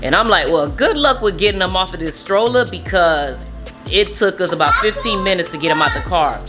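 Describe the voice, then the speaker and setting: A young mother casually telling a story to her viewers, animated and acting out what people said. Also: lowish voice, a little fast, faint music behind. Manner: animated retelling, acts out quotes. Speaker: vlogger, mother.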